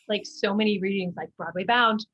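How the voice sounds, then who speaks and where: A woman's voice: mid-range voice, unhurried, fairly bright tone, slightly rough, rough recording. A woman guest on an interview show, talking casually about her theater work, chatty and full of fillers and restarts. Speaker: guest, musical theater actor.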